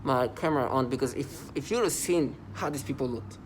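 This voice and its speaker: A man talking in a casual vlog monologue, rambling and halting, with many restarts and stammered repeats. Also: medium pitch, noisy background. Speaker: vlogger.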